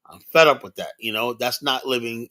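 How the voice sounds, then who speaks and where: A man's voice: mid-range voice, steady tone, fairly quick, sharp tone. A man hosting a livestream show, talking bluntly and casually in a rambling monologue, often adding "you know.".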